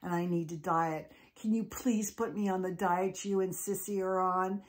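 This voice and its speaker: A woman voicing a spoiled, mean teenage girl who turns shrill and whiny when upset. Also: fairly even intonation, normal speed, lightly acted. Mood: remorseful.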